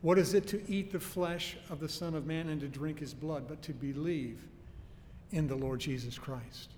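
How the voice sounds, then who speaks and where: A man preaching a sermon in an earnest, emphatic way, slowing down to stress key phrases. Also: a little high, darkish tone. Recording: faint noise and long hall reverb.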